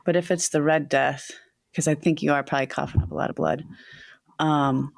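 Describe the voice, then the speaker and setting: A woman's voice: low voice, fairly even intonation, a little fast, vocal fry, no echo. A woman playing pub trivia on a podcast, reasoning aloud and hedging her guesses. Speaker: trivia contestant. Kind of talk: casual podcast banter.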